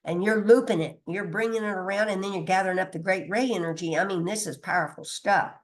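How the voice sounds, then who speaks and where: A woman's voice: mid-range voice, fast talker. A woman giving an informal spiritual teaching, chatty and emphatic, often laughing and mildly cursing, sometimes losing her place or reading from notes. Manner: loses her place and restarts, reads from notes.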